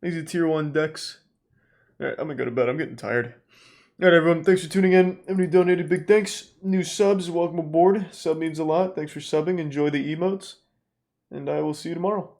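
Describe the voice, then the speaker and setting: A man's voice: fairly high pitch, fairly even intonation, a little fast, a little mellow. A man streaming, making dry, sardonic remarks as he watches videos. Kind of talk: casual stream commentary.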